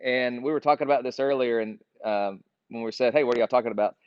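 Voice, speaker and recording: A man's voice: medium pitch, quick pace, clear, resonant tone, dry recording. A man leading a casual group Bible study, talking earnestly and reading scripture aloud. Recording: dull, dry lo-fi recording.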